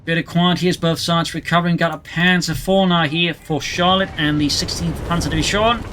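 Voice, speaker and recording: A man's voice: on the high side, fairly even intonation, a little fast, fairly bright tone. A man commenting a strategy game replay play by play, adding history asides. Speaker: game caster. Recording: game sounds and engine noise behind the voice. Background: in-game battle sounds and vehicles.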